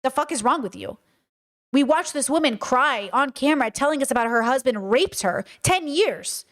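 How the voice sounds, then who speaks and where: A woman's voice: high-pitched, lively intonation, normal speed, fairly bright tone. A woman streamer reacting to a clip, talking casually in a heated, swearing, rhetorical way. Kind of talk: casual live-stream commentary.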